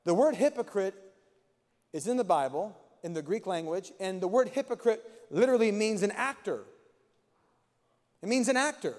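A man's voice: high voice, animated, moderate pace, pauses often, darkish tone, in a large hall. A man preaching a sermon as pastor, with an impassioned, repetitive cadence in a church sanctuary.

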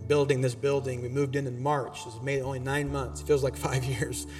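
A man preaching a sermon as pastor in a church auditorium, animated and exhorting, with casual asides to the congregation. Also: medium pitch, moderate pace, big-room sound, faint music behind.

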